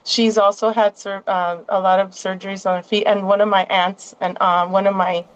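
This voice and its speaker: A woman's voice: medium pitch, level tone, normal speed, highs cut off. A woman as a guest in a casual interview, rambling along with many restarts and asides.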